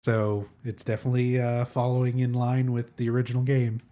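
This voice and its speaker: A man's voice: medium pitch, little pitch movement, fairly quick, warm tone. A man streaming a game live, joking and laughing often as he comments. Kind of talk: casual live gameplay commentary.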